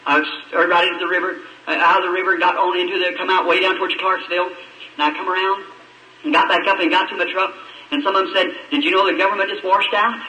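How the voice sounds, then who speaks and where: A man's voice: high-pitched, fairly even intonation, quick pace, sharp tone, far from the mic. Fervent preacher man on an old echoey recording. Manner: fervent, pleading, storytelling preacher. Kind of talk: sermon testimony.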